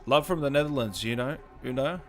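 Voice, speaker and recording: A man's voice: medium pitch, brisk, fairly bright tone, soft background music. Laid-back Australian man hosting a stream. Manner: laid-back, reads viewer comments aloud and answers them. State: tired, just woke up. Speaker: gaming stream host. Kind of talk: casual live-stream chat.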